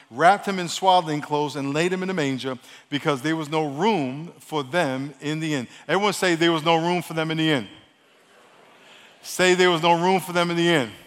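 Fast-talking New York pastor in echoing hall. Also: male voice, on the high side, fairly bright tone. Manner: fast-talking, call-and-response with congregation. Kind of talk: sermon. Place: church sanctuary. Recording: long church hall reverb.

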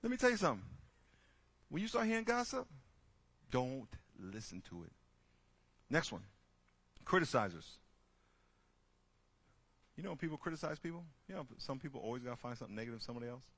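Man, animated storyteller, bright forceful tone, dry close sound. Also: medium pitch, fairly quick, long pauses, slightly rough, no echo. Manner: lively, acts out characters with loud shouting bursts. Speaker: speaker teaching a group.

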